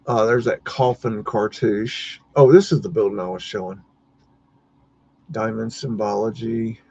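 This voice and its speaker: Husky man rambling on a live stream. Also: medium pitch, mellow, dull audio. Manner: rambling, muttering, mildly cursing. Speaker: livestream host. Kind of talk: casual live-stream commentary.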